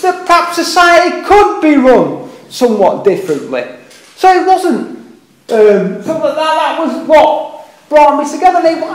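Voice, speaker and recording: An older man with a Liverpool accent giving an earnest, rambling public speech at a meeting, with self-deprecating asides. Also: very high-pitched. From England. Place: meeting hall. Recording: echoey meeting hall.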